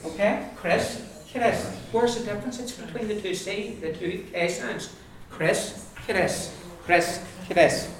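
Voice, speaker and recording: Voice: mid-range voice, slow pace, crowd noise. A language teacher giving a classroom pronunciation lesson to a group of learners, repeating words over and over and explaining patiently. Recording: very echoey room, far from mic, noisy.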